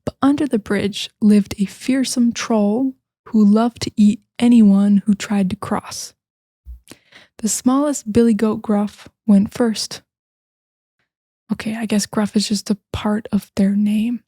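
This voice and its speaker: A woman's voice: medium pitch, fairly even intonation, slow pace, mellow, no room sound, clean studio sound. An American woman, a native English speaker, telling fairy tales to learners in a chatty way with many fillers, sometimes dropping to a whisper. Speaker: English teacher. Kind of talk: casual storytelling for learners.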